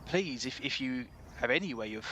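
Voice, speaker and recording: A man's voice: medium pitch, expressive, moderate pace, sharp tone. Older male shopkeeper with a West Country accent, chatty and kindly, voiced by a man, light hiss behind. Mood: worried. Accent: West Country English. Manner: chatty, apologetic, rambling.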